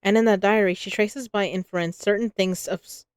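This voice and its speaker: A courtly, earnest older doctor speaks in formal, old-fashioned phrases, read by a woman. The voice sits at a middling pitch. The sound is dry and close. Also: fairly even intonation, a little fast, darkish tone, clear, resonant tone, dry recording, natural voice.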